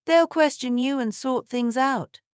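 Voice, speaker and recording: A woman's voice: high voice, unhurried, clear, resonant tone, no echo, clean studio sound, pitched above the performer's own voice. A woman reading the lines of a smug, scheming businessman who sounds sarcastic and dismissive. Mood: mocking.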